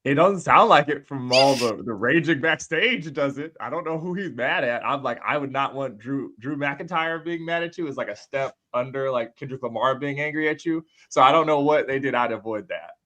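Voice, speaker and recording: A man's voice: medium pitch, normal speed, few pauses, sharp tone. A man co-hosting a live show, chatting with wry, laid-back humor. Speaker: co-host. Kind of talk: casual live-show chat.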